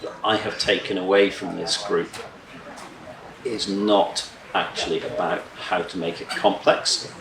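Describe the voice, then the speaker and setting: A man, a farmer, giving a measured talk at a conference. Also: low-pitched, fairly even intonation, gravelly, a crowd in the background. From Scotland. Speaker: farmer speaker. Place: conference room. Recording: echoey hall, distant mic.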